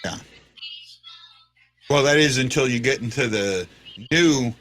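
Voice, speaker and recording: Rambling, bright-voiced man. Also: mid-range voice, a little slow, faint music behind. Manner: rambling, lots of fillers and restarts. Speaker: podcast host. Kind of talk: casual sports chat.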